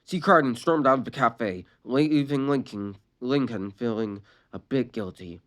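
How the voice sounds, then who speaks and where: A storyteller reading a fan-written sad story aloud, expressive and stumbling on a few words. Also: medium pitch, a little slow.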